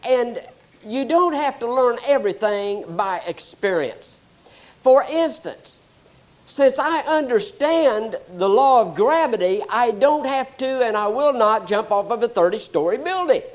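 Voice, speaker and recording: A man preaching a sermon, explaining scripture and telling animated stories. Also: very high-pitched, a little slow. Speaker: pastor.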